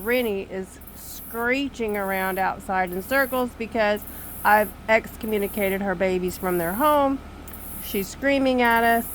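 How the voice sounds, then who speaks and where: An older woman telling a story to camera on her screened back porch, animated, exasperated and poking fun at herself. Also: mid-range voice, slight background noise, low-quality recording. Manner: animated, exasperated, self-mocking. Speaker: vlogger.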